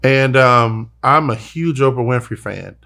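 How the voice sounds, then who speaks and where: A man's voice: mid-range voice, a little slow, gravelly, bright, forceful tone. A young adult man hosting a podcast, talking earnestly and emotionally, often repeating words as he searches for them. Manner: earnest, repeats himself when moved. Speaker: podcast host. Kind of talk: emotional personal conversation.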